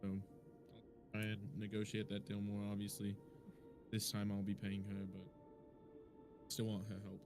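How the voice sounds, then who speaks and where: Low-voiced player over music. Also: male voice, monotone, measured pace, long pauses. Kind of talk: tabletop game play.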